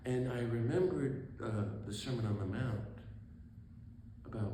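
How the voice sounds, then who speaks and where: This Catholic priest and author, a man in his sixties, tells an audience a story, acting out the characters and often breaking into laughter. His voice is mid-range and mellow, a little slow. The echo of a very reverberant hall and faint room noise surround him.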